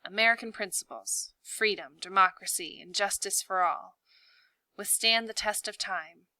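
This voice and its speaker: A woman's voice: medium pitch, normal speed, bright, forceful tone, no echo, rough recording. A woman reading a novel aloud, voicing a kind schoolboy with an urgent, pleading manner. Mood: earnest. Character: earnest schoolboy, usually kind.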